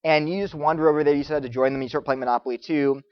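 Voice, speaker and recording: A man lecturing students, telling stories in an animated way and acting out the voices of the people he quotes. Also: a little high, rapid-fire, clean tone, dry recording, lo-fi sound. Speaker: Christian apologetics speaker.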